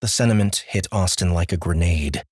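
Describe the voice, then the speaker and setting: A man narrating an audiobook in a measured, clear voice. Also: low-pitched, darkish tone, no room sound, clean studio sound. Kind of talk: scripted narration.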